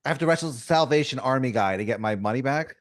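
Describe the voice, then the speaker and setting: A man's voice: mid-range voice, animated, fast, no echo, studio quality. A man co-hosting a comedy podcast, reacting to the story with incredulous pushback and laughter. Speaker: podcast co-host. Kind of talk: casual comedic banter.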